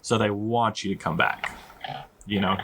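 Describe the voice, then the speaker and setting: A man's voice: on the low side, measured pace, noisy background. A man narrating as game master of a tabletop game in a casual, rambling way.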